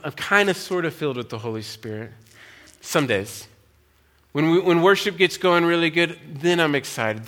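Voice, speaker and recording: Guest preacher, male, bright and slightly high voice, earnest and pressing with his questions. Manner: earnest, challenging, asks the crowd many questions. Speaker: guest speaker. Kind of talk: sermon.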